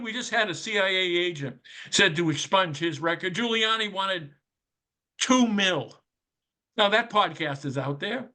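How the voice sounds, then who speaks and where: On a podcast, a man with a high, bright, forceful voice rants casually, profane and sardonic, firing off rhetorical questions in a conspiratorial tone.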